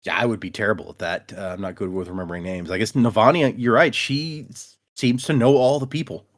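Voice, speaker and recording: A man co-hosts a podcast's casual book chat, animatedly acting out the characters' lines. His voice is fairly low, and he talks fast.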